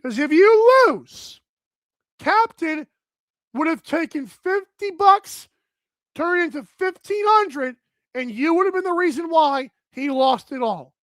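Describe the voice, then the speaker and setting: A man hosting a live sports betting talk show, energetic and outspoken as he runs through his picks. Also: very high voice, slow, dry recording. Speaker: host.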